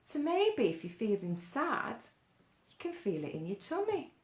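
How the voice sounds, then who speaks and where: A woman leading a gentle mindfulness lesson for children, coaxing them along with lots of playful questions. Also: fairly high pitch, wildly swooping pitch, unhurried. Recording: roomy echo.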